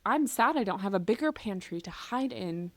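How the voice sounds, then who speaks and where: A woman, co-hosting a podcast in casual chat, playful and animated as she tells stories with quick asides. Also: medium pitch, no echo. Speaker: podcast co-host.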